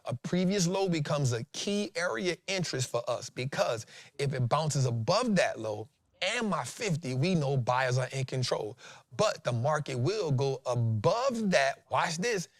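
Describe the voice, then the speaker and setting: Animated fortysomething man host, dry sound. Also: a little high, no echo. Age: 40s. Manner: animated, emphatic, repeats lines for effect, slangy. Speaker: stock trading show host. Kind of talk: casual trading talk and chart breakdown.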